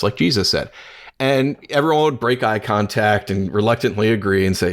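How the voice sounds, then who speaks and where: A man's voice: fairly low pitch, expressive, moderate pace. A man who has been in ministry for years, co-hosting a faith podcast and talking earnestly, with frequent restarts. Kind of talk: casual devotional discussion.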